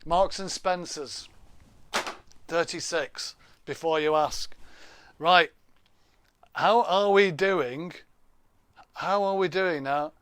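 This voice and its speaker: A man's voice: fairly high pitch, slow, long pauses, a bit bright, smooth, dry recording, studio quality. A man hosting a casual live stream from home, joking, laughing and reading out viewer names and comments. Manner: chatty, jokey, reads out viewer names, laughs often. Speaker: livestream host. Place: home room. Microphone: laptop webcam.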